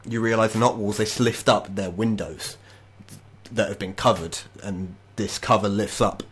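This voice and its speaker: A man narrating as game master of a tabletop game over an online call, descriptive and halting. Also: on the low side, fairly even intonation, breathy edge.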